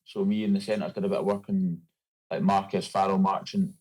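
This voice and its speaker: Scottish sports guest, young man, low-ish voice, rapid relaxed chat, lots of fillers. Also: poor audio. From Scotland. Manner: laid-back, loose, with many fillers. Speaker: guest, rugby player. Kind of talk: casual interview chat.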